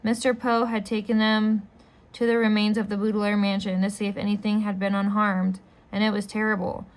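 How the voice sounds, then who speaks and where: A woman reading a children's novel aloud as a storyteller, steady and unhurried. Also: mid-range voice.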